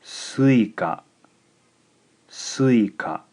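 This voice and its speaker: A man teaching in a recorded video lesson, patient and slow, saying each syllable out clearly. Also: medium pitch, expressive, a little mellow. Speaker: language teacher.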